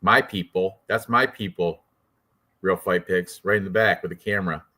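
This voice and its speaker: A man's voice: low-pitched, moderate pace, crowd noise. Rambling swearing man picking fights. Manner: rambling, swearing, laughs often. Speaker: co-host of a fight picks show. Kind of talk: casual banter on a livestream.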